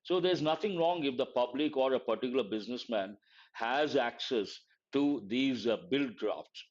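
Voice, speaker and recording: A man with an Indian English accent teaching a lesson. He reads a newspaper editorial aloud and stops to explain key words slowly and plainly. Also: mid-range voice, highs cut off. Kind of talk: live editorial analysis lesson.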